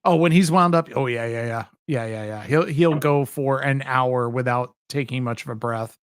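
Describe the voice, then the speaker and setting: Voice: mid-range voice, normal speed, smooth, no echo, studio quality. A speaker in a casual livestream chat, telling stories and mocking other streamers. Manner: storytelling, mocking, swearing.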